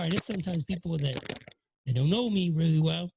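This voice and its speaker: A man hosting a podcast, talking casually and preachily about faith in a gravelly, husky voice. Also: a little high, fairly quick, background noise. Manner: preachy, encouraging. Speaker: podcast host.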